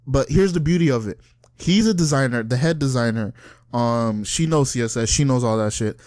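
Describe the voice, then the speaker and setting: A young man co-hosting a podcast, telling a story in casual chat with animated, profane slang and frequent laughter. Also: medium pitch, normal speed, no echo, clean studio sound. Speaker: podcast co-host.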